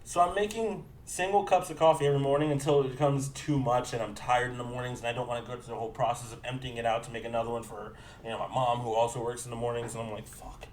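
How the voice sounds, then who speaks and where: A man's voice: mid-range voice, fairly even intonation, fast, few pauses, darkish tone, slight background noise. A young man co-hosting a podcast, telling a long, rambling story in casual chat, swearing freely and acting out both sides of a conversation. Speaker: podcast co-host.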